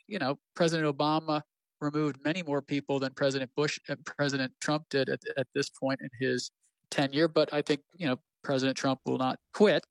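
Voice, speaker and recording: A man speaking as a legal analyst guest in a news interview, measured and steady, now and then correcting himself mid-sentence. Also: mid-range voice, creaky, no room sound, low-quality recording.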